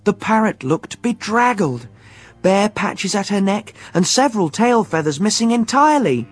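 A man narrating an adventure audiobook in an expressive, vivid storytelling manner. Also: sits high, normal speed.

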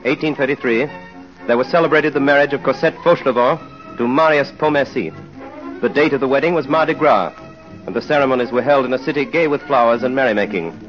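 A man's voice: mid-range voice, fast talker, lo-fi sound, soft background music. A man giving formal scripted narration for an old-time radio drama. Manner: formal, storytelling.

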